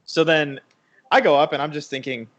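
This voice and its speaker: A man's voice: fairly high pitch, normal speed, a bit bright, dull audio. A young man co-hosting a baseball watch party, rambling through a casual anecdote with lots of fillers. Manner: rambling storyteller, many fillers.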